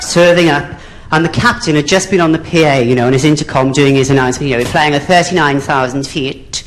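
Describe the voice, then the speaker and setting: A man with a Welsh accent performing a bawdy stand-up routine as a drag comedian, chatty and calling the audience "dear". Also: on the high side. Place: theatre stage.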